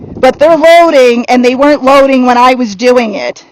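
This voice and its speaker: High-voiced woman coaching a riding lesson. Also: a little mellow, slight background noise, poor audio. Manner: direct coaching with quick laughs. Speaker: horse trainer.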